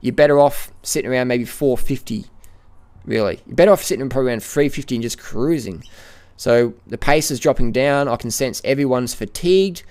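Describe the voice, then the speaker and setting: A man's voice: medium pitch, fairly quick, smooth. Man, middle-aged, live cycling commentary, outdoors on a climb, repeats phrases, mid-range voice. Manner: excited play-by-play, repeats phrases. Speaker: cycling vlogger. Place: outdoors, riding a bike up a hill.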